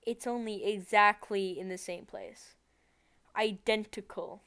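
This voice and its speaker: A woman's voice: mid-range voice, steady tone, measured pace, fairly bright tone, clean tone. A woman streaming from a room at home, talking casually while she codes, thinking aloud, rambling and correcting herself as she goes. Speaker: live streamer. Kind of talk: casual live-stream talk while coding.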